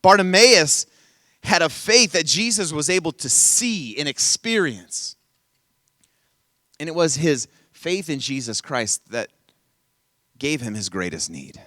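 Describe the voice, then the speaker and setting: A male camp speaker preaches with lively, swinging pitch and a bright, forceful edge. His voice sits a little high for a man and sounds close and dry. He plays with the audience and coaxes them to shout back. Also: slow pace, long pauses, dry recording. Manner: animated, playful, coaxing the audience. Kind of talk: energetic youth sermon with crowd call-and-response. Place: camp conference session.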